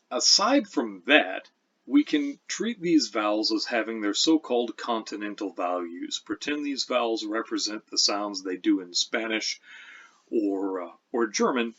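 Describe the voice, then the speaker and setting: Low-voiced man explaining pronunciation. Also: fairly bright tone, dull audio. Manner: explains patiently, reads verse slowly. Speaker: teacher. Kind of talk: lecture with recitation.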